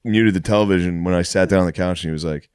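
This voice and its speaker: A man's voice: low voice, steady tone, racing, a little mellow, clear, resonant tone, no room sound, clean studio sound. A man co-hosting a podcast, telling stories from home in a casual, profane way and laughing often as he goes. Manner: profane, laughing storyteller, says "dude" a lot. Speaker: podcast co-host. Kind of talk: casual chat.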